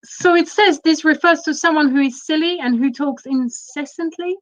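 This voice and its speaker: Playful woman co-host, bright voice, dull lo-fi recording. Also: high voice, moderate pace. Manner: playful, laughs often. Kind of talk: casual panel chat. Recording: dull lo-fi sound.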